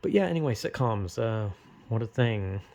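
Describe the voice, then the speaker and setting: A man's voice: fairly low pitch, animated, moderate pace, a little mellow. A young man in a casual comedic rant, rambling and swearing, acting out crowd reactions in exaggerated voices. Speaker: vlogger ranting.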